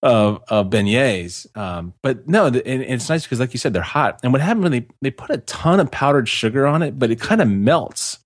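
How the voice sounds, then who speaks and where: A man's voice: medium pitch, big pitch swings, brisk, hardly any pauses, dry recording, studio quality. A man co-hosting a casual podcast chat, rambling with lots of fillers and restarts. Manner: rambling, many fillers and restarts, laughs easily. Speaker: podcast co-host.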